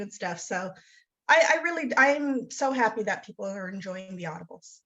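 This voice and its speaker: A woman's voice: mid-range voice, animated, moderate pace, fairly bright tone, dull audio. A woman author being interviewed, talking in a rambling, self-deprecating way with lots of fillers and restarts. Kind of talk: casual interview chat.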